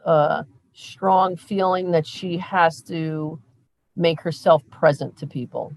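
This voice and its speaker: A middle-aged woman, a mother and podcast guest, telling stories in a lively, animated way. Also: low voice, slow, rough recording. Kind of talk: casual interview chat.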